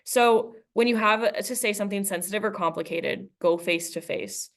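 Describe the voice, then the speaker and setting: At a normal speed and with a mid-range voice, a woman teaches a recorded lesson. She talks casually with the class and reads from a book, performing the quoted dialogue as she goes.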